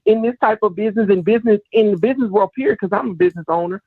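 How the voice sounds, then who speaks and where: A man calling in to a talk show who speaks haltingly and repeats himself. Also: high voice, dry recording. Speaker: caller. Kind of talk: phone call into a talk show. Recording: tinny phone line.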